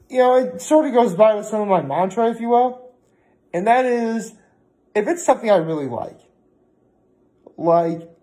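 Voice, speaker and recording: A man's voice: sits high, dark tone. A young man vlogging in a casual, rambling way, often breaking off mid-thought and talking himself through it. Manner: rambling, chatty, self-interrupting. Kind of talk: casual vlog chat.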